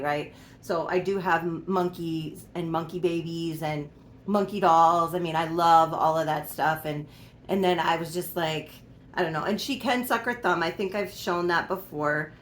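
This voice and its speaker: A young woman chatting casually to camera about her doll collection in a room at home, giggly and doting, often talking sweetly to her dolls. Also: mid-range voice. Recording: echoey room with faint background noise.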